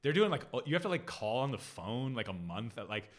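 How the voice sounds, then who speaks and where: A man co-hosting a casual chat, animated and joking, swearing casually. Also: mid-range voice, a little fast. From Philadelphia. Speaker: podcast co-host.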